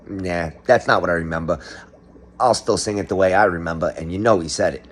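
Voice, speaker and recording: A man's voice: low voice, a little fast, a little hiss or hum. A middle-aged man doing a comedic monologue, ranting sarcastically as if exposing a conspiracy. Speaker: comedic commentator.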